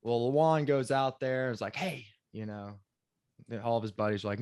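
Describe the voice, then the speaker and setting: A relaxed man of middle pitch tells a story with dry humor, slipping into quick quoted voices. The sound is close and dry, with no room around it. He talks like a guest at ease with the hosts. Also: smooth, no room sound. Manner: laid-back, wry storyteller, acts out quotes. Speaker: former pro quarterback, guest. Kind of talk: casual storytelling interview.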